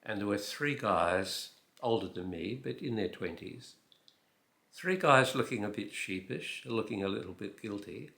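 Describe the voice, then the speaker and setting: A man in his eighties, from New Zealand with an Australian accent, telling a personal anecdote in an unhurried way with fillers and wry asides. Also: on the low side, lively intonation, gravelly, bright, forceful tone, roomy sound. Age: 80s. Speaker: storyteller.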